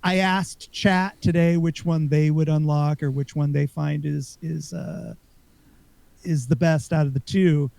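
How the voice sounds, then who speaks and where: Guy cohosting a gaming podcast, fairly high voice with gravel in it, rambly and upbeat, dry sound. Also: steady tone, a little slow, darkish tone, dry recording. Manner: rambling, upbeat, lots of fillers and restarts. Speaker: podcast co-host. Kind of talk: casual gaming chat.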